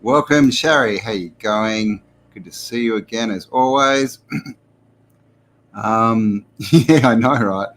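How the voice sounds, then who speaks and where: A man's voice: medium pitch, slow pace, fairly bright tone. An Australian man hosting a casual live stream. He rambles, chuckles and greets viewers by name. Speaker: host.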